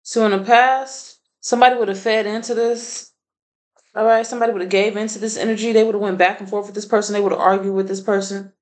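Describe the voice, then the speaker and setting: A woman's voice: mid-range voice, flat delivery, fast, a little mellow, poor audio. A woman doing a casual tarot reading, blunt and profane, laughing often. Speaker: tarot reader.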